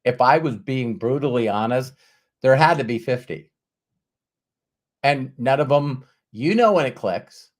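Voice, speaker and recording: A man's voice: medium pitch, measured pace, pauses often. A middle-aged man hosting a podcast, telling a story in casual conversation and acting out the voices of the people in it. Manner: animated storyteller who acts out quoted voices and swears casually. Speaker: podcast host.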